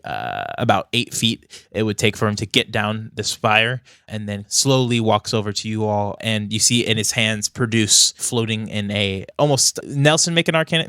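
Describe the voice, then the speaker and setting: A man's voice: fairly low pitch, fairly bright tone, dry recording, clean studio sound. A man narrating as game master of a tabletop game, casual with lots of fillers. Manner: loose, casual with many fillers.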